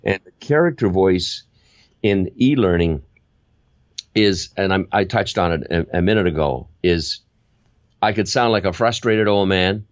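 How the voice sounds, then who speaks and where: An older man talks with a deep, low voice in a casual interview. He keeps telling stories and slips into little acted examples. The sound is dry and a bit dull, like a lo-fi recording. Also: unhurried, dry recording. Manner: animated storyteller, acts out examples. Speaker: guest, voiceover veteran.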